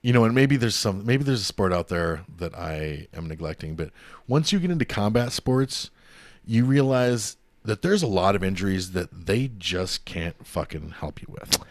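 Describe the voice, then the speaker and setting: Low-voiced man chiming in on a podcast. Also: moderate pace, dry recording. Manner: relaxed, chimes in with short replies and laughs. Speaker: podcast co-host. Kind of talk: casual chat. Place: studio.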